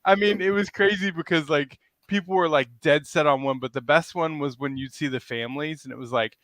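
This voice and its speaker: A man in his forties chats on a podcast, telling rambling stories and laughing as he goes. His voice sits a little high for a man. The sound is dry and close. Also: fairly quick, few pauses, no room sound. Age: 40s. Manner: rambling storyteller, laughs often, lively. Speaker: podcast co-host. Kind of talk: casual chat.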